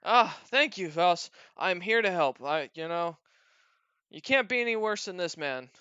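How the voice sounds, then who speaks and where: Someone doing a bragging high-pitched goblin. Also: lively intonation, unhurried, pushed and bright, clear, resonant tone, dry recording, lo-fi sound. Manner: rambling, bragging, nervous pleading. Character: boastful cowardly male goblin mercenary.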